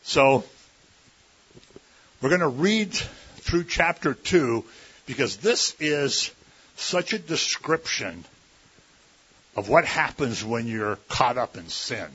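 A man's voice: mid-range voice, lively intonation, slow, pauses often, fairly bright tone, breathy edge. A man preaching a sermon in a conversational, folksy way, often slipping into mimicked voices. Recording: dull lo-fi recording.

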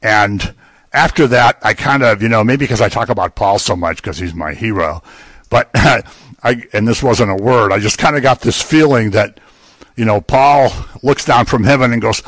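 A man's voice: lowish voice, moderate pace, fairly bright tone, no echo. Older male preacher, conversational, jokes between points, dry close sound. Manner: conversational, joking asides. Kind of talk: sermon.

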